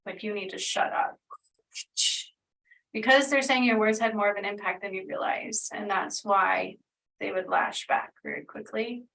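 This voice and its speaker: A woman's voice: mid-range voice, steady tone, moderate pace, creaky, a bit bright, recorded from a distance, rough recording. A woman doing a casual spiritual energy reading, talking in a meandering, earnest way full of fillers. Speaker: spiritual healer channeling energy.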